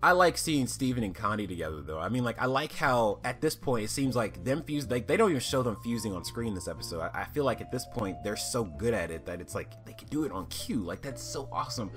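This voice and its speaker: A man's voice: mid-range voice, big pitch swings, fairly quick, hardly any pauses, a bit bright, soft background music. A young man casually reviewing a cartoon episode, rambling, swearing freely and laughing at his own jokes.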